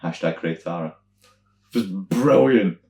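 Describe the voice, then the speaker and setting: The voice is slow and creaky, recorded in an echoey room: a young man from Scotland co-hosting a podcast. Casually chatting, he tells lively stories, performs other people's dialogue in loud high voices, and swears freely.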